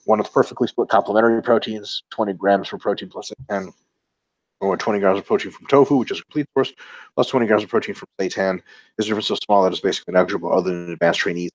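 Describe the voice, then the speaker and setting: A man co-hosting a casual webinar who reads viewer questions aloud. His voice is very deep and husky. He jokes around in a crude, profane way. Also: fairly even intonation, fast talker, no echo, muffled recording. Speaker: co-host reading viewer questions.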